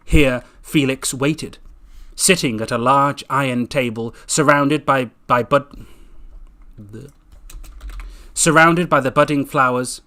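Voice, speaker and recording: A man's voice: medium pitch, slow, pushed and bright. A man reading his own book aloud casually, tripping over words and correcting himself with jokey asides.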